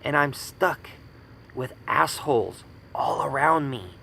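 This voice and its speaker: A man's voice: medium pitch, animated, slow pace, vocal fry, pushed and bright, slight background noise, rough recording. A man in his thirties from the United States giving an angry personal rant, indignant and profane, hammering points with repetition. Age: 30s. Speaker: vlogger ranting.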